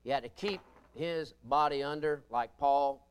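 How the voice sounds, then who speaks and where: A man preaching a sermon, folksy and humorous, swinging between loud emphatic bursts and quiet asides. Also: on the high side, unhurried, smooth, dry recording.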